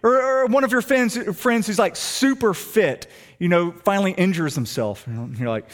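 Animated pastor preaching, higher-voiced man. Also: unhurried. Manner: animated storytelling, shifts between hushed and emphatic. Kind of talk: sermon.

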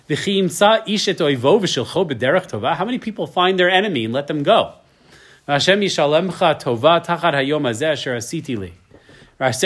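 A man in his thirties, his voice on the high side, expressive, a little fast and a bit bright, teaches a casual Torah class. He's chatty, reads every verse in Hebrew, translates it, and keeps asking "right?".

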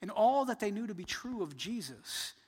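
A man in his thirties preaching a sermon, earnest, building to emphatic points and then dropping soft. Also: sits high, very animated, normal speed, husky, big-room sound. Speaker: pastor.

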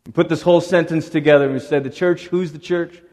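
A middle-aged man preaching a sermon as a pastor, lively and conversational, now and then acting out the voices of people in the story. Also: fairly high pitch, quick pace. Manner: animated, acts out voices of Moses and God. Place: church sanctuary. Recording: long reverb of a church hall.

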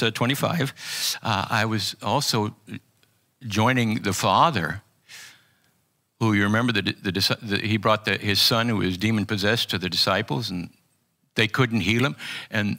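An older man preaching an earnest personal testimony sermon, halting often with restarts. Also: lowish voice, sharp tone. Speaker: pastor.

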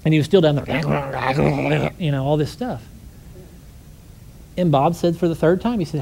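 A man preaching a conversational sermon, telling stories with lively energy and asking the congregation rhetorical questions. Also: fairly high pitch, a little slow, vocal fry, pauses often, slight background noise.

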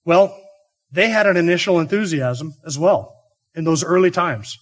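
A man's voice: fairly high pitch, animated, normal speed. A man preaching an expository sermon, earnest and emphatic, asking the listeners rhetorical questions. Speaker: pastor.

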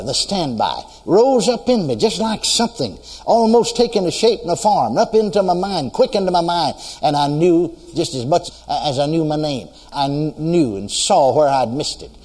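Fervent preacher man with lively pitch. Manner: fervent, exclaims praises between sentences; repeats phrases for emphasis. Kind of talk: sermon. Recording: long hall reverb.

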